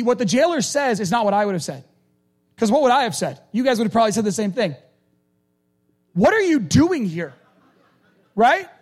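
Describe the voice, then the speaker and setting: A male preacher giving a conversational, animated sermon and acting out quoted lines. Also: extremely high pitch.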